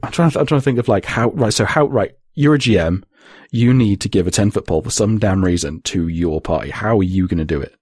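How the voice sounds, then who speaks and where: A man with a husky voice, chatting casually on a podcast in a rambling, sweary way. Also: fairly low pitch, quick pace, few pauses, darkish tone, no room sound, studio quality. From Britain. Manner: rambling, sweary, laughs often. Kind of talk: casual chat.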